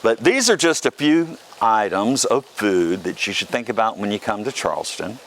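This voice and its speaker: A man's voice: fairly low pitch, lively intonation, normal speed, a bit bright. A man from the South Carolina coast, chatting casually and joking as a video host, with a faint hum behind him. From South Carolina Lowcountry. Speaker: vlog host. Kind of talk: casual talk to camera. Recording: faint background noise.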